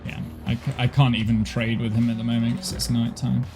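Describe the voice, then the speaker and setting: A man's voice: medium pitch, little pitch movement, a little fast, dark tone, soft background music. A man live-streaming a game from his home office, tired and talking casually, self-deprecating and apologetic, with frequent restarts. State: tired, overheated.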